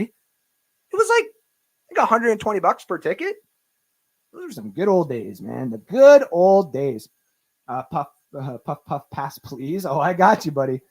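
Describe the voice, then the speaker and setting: A young man hosts a sports livestream and rants with heat and swearing. His bright voice swings widely up and down as he reads out viewers' comments. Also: sits high, very animated, normal speed, husky. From Canada. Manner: fired-up, profane, reads chat comments aloud. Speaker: sports podcast host. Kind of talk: livestream sports rant and chat.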